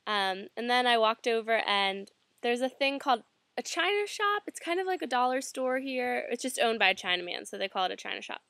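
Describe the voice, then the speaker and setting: A woman's voice: on the high side, sing-song, a little fast, fairly bright tone, no echo. A young American woman casually telling a personal story, chatty and full of fillers. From United States. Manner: chatty, many fillers and "like"s, laughs often. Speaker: student sharing a reflection.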